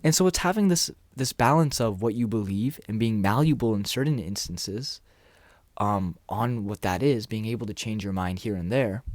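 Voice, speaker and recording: A man coaching viewers on confidence and dating in a relaxed, conversational way, sometimes acting out short exchanges. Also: on the low side, moderate pace, no echo. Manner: relaxed, conversational, acts out little dialogues. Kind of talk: casual talking-head advice.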